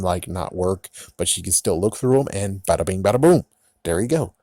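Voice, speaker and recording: A man with a lowish voice rants through a TV episode recap in a loose, sarcastic way, swearing freely and laughing at the plot. The sound is dry and close, with no room around it. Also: a little mellow, dry recording. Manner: sarcastic, profane, frequently laughing. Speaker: TV episode reviewer. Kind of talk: casual recap and review.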